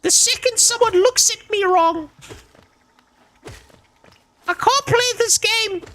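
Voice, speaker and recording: Super high squeaky whiny gamer voice, slow and sarcastic, off mic. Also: male voice, sharp tone, exaggerated voice. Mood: sarcastic whine. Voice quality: squeaky falsetto.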